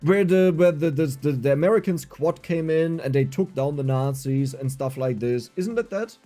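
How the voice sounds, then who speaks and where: German guy streaming, rambling and animated, mellow voice, bit of game music behind. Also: a little high, moderate pace. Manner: animated, rambling, frequent restarts. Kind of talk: casual livestream chat while gaming.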